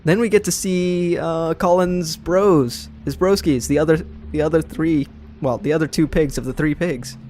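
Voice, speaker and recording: A man's voice: fairly high pitch, moderate pace, a little mellow, a little hiss or hum. Chatty young man narrating his gameplay. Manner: casual, chatty, self-deprecating. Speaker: gaming channel host. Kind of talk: let's play commentary.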